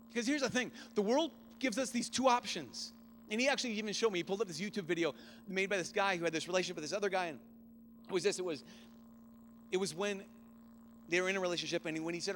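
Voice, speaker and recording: A man in his thirties, a priest, giving a youth conference keynote, telling a personal story earnestly, often hushed and rising with feeling. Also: high voice, fast talker, a little hiss or hum.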